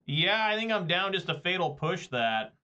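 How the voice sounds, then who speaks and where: A man's voice: high voice, big pitch swings, moderate pace, pushed and bright, smooth. A man, rambling and joking through casual gameplay commentary. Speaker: gaming video creator.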